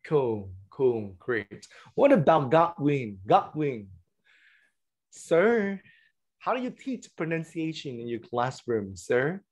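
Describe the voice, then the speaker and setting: A man's voice: medium pitch, very animated, slow pace. A man leading an online teacher-training session over a video call. He keeps checking in with the group, saying "all right" and "okay" often. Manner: repetitive, encouraging, with frequent "all right" and "okay".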